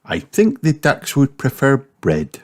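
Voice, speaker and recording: A man's voice: medium pitch, huge pitch swings, a little slow, voice pushed up. A man doing a patient mother pig. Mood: calm. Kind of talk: storybook read-aloud.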